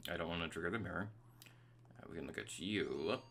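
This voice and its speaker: A man giving excitable, casual commentary over his own gameplay as a let's play host. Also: low voice, brisk, gravelly, slight background noise. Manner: excitable, venting frustration at the game.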